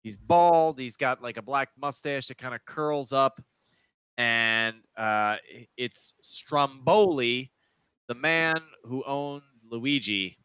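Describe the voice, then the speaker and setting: A man running a tabletop game over a video call, narrating in a halting way with many restarts. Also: mid-range voice, fairly bright tone, clean tone, no echo. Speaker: game master. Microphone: video call mic.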